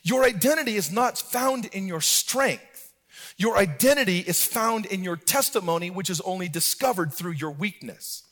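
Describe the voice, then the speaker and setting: At a moderate pace, a high-voiced, middle-aged pastor preaches, easing through anecdotes before breaking into a chanted, rhythmic preaching style, a thoroughly sermon-like voice.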